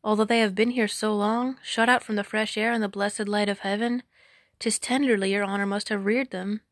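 A woman's voice: medium pitch, steady tone, normal speed, dry recording, clean studio sound, natural voice. A woman voicing a humble, wary grown male blacksmith who speaks earnestly in old-fashioned phrasing. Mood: coaxing.

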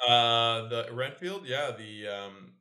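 A man's voice: mid-range voice, takes it slowly, pushed and bright. A young man co-hosting a podcast, chatting casually and arguing his points with playful enthusiasm. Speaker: podcast co-host. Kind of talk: casual banter. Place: home podcast setup in Calgary.

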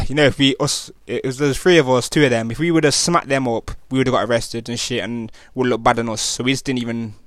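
A young man from England with a Nottingham accent talks in loose street slang, full of fillers and restarts. His voice sits at an ordinary middle pitch. The recording is dry and close. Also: steady tone, a little fast, hardly any pauses, no echo. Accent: Nottingham, East Midlands English. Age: young adult. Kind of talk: casual personal testimony.

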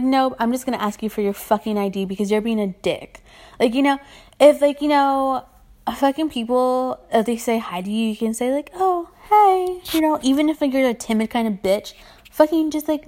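A young woman who works retail rants in a casual vlog, her voice sitting high with a darkish tone. She vents in exasperation, swearing a lot and using plenty of filler words, and calls her own voice annoying.

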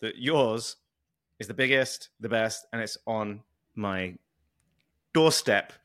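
A man's voice: lowish voice, slow pace, a bit bright. A man with a British accent hosting a podcast interview, chatting in a friendly, enthusiastic way. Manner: friendly, enthusiastic, loose with small restarts. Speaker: podcast host. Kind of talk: casual interview chat.

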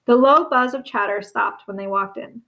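A woman reading a storybook aloud in a steady, expressive narration. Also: medium pitch, moderate pace, creaky, low-quality recording. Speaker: audiobook reader.

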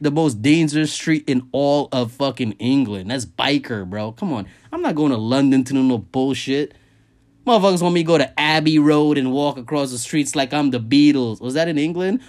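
A man hosting a podcast, ranting casually and profanely, jumping up high in pitch to stress his points. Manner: profane, animated, jumps high in pitch for emphasis. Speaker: podcast host. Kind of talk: casual comedic rant.

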